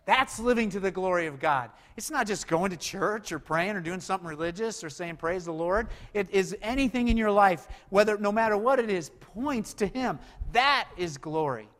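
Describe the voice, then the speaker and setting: A man's voice: high-pitched, lively intonation, normal speed, few pauses, fairly bright tone. A man preaching a sermon, building emphasis and asking the listeners rhetorical questions. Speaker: pastor. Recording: long hall reverb.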